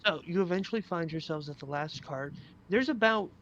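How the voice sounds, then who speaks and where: A man's voice: fairly high pitch, brisk, fairly bright tone. A man running a tabletop game as dungeon master, narrating with joking, profane asides. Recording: dull lo-fi audio with faint hum.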